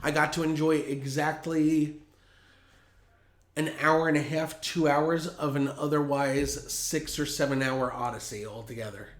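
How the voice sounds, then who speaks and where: A man hosting a casual podcast who tells stories in an animated way, with plenty of profanity. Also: a little high, unhurried, reverberant. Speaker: podcast host.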